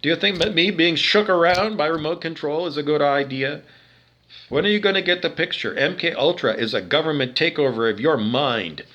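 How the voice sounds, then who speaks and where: A man's voice: fairly high pitch, brisk, pushed and bright, highs cut off. A man from Canada ranting to the camera, agitated and profane, repeating himself and firing off rhetorical questions. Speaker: video monologue speaker.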